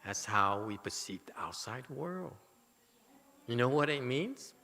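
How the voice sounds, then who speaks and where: A man teaching a Buddhist dharma lecture, animated and teasing, with many rhetorical questions to his listeners. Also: mid-range voice, measured pace. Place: temple lecture hall. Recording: hall reverb.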